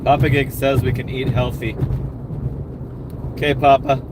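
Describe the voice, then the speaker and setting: A man's voice: medium pitch, level tone, measured pace, noisy background. Rambling middle-aged man streaming from his car. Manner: rambling, profane, upbeat. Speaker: livestreamer doing delivery gigs. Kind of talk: casual livestream chat while driving. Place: in a car on the road.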